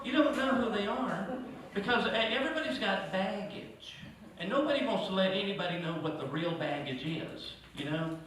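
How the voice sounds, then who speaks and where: A man's voice: high voice, expressive, moderate pace, hardly any pauses, fairly bright tone. Man doing stand-up, echoey and distant. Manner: conversational, with asides to the audience. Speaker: stand-up comedian. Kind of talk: stand-up comedy routine. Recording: echoey, distant, noisy room recording.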